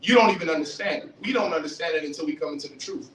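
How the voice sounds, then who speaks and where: A man giving a fiery street-style religious lecture, animated, questioning the audience and acting out voices. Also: on the high side, rapid-fire. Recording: roomy, distant mic, faint hiss.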